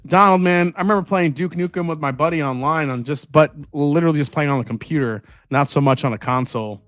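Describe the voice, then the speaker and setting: A man's voice: fairly high pitch, no echo. A man hosting a live stream, chatting casually and rambling while tasting and answering viewer comments. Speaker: host.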